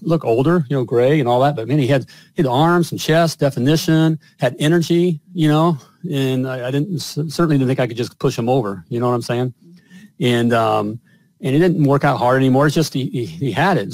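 A man's voice: medium pitch, darkish tone, dry recording. A middle-aged man hosting a show, telling a personal story in a rambling way with lots of fillers and chuckles. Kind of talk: casual storytelling.

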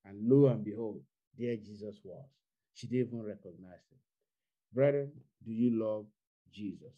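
A man's voice: lowish voice, normal speed, dark tone, lo-fi sound. A man preaching an Easter sermon online, repeating his phrases and building to fervent exhortation. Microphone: online video call.

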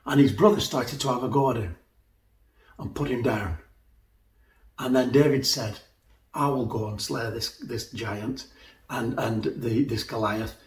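A man's voice: medium pitch, unhurried, pauses often, echoey room. A man preaching a sermon, retelling a story animatedly and acting out the voices.

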